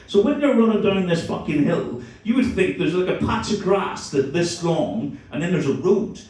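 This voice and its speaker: Irish stand-up comic, fairly high voice, profane crowd-teaser, echoing club room with the mic at a distance. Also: male voice, animated, darkish tone. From Ireland. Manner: profane, teasing, fast storytelling. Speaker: stand-up comedian. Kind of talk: stand-up comedy with crowd work. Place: comedy club stage. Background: audience laughter.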